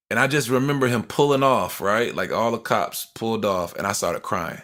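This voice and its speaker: Young male podcast co-host, animated and slangy storyteller, mid-pitched voice. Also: normal speed. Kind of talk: storytelling casual chat.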